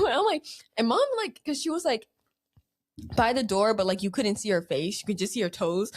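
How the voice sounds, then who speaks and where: A young woman telling a family story in casual, slangy chat, animated and laughing. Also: a little high, a little fast. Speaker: podcast co-host.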